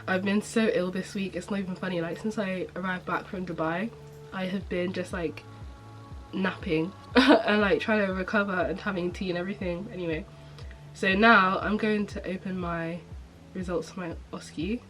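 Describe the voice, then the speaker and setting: A woman's voice: on the low side, fairly even intonation, normal speed, a bit bright, faint music behind, poor audio. A young woman chatting casually to camera as a medical student vlogger, upbeat with lots of fillers. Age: young adult. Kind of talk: casual vlog chat to camera.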